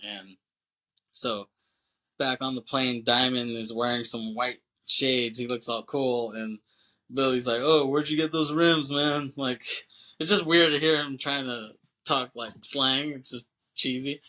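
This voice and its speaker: Young male podcaster, bright forceful tone, loose rambling recap with quick character impressions. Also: mid-range voice, steady tone, low-quality recording. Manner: rambling retelling, quoting characters with quick voice shifts. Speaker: podcast co-host. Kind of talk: casual movie recap.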